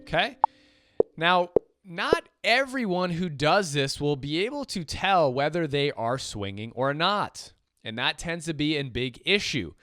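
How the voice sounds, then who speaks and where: A man's voice: a little high, measured pace, dry recording, studio quality. Chatty male jazz piano teacher. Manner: relaxed, chatty, counts beats aloud over a metronome. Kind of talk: casual instructional talk. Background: piano playing and metronome clicks.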